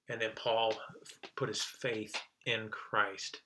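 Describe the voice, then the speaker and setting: A man preaching a sermon in an easygoing, conversational way, often circling back and repeating words mid-sentence. His voice is strikingly bright and forward, with a faint hiss of noise under it. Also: fairly low pitch, level tone, slow pace, low-quality recording. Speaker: pastor.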